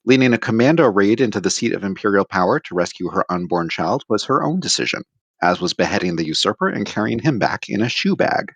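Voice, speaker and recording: A man's voice: lowish voice, expressive, fast talker, husky, no room sound, dull audio. A man hosting a casual book podcast, leading the discussion with dry, wry asides. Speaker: podcast host.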